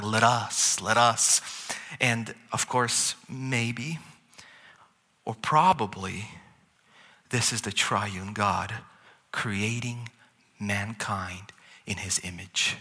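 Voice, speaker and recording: A male pastor delivers a sermon in a very bright, forward voice. He is lively and playful, tossing in jokes and asides as he teaches. His voice carries a long reverb from a large church hall. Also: medium pitch, slightly rough.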